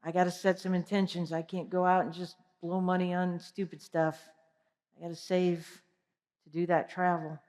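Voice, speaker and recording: Woman, motivational keynote speaker, energetic, direct questions to the crowd, long reverb of a big hall. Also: fairly low pitch, normal speed. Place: large conference hall.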